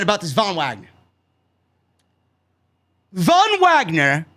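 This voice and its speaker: New york guy ranting about wrestling, high voice, bright and loud, swears constantly. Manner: loud, sarcastic, swears a lot, shouts often. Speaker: wrestling show reviewer. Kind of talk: animated profane show review rant.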